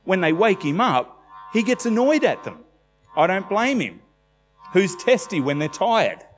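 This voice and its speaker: A man's voice: high-pitched, unhurried, faint music behind. Conversational male preacher in an echoey hall. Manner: conversational, emphatic, animated storytelling. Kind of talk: sermon.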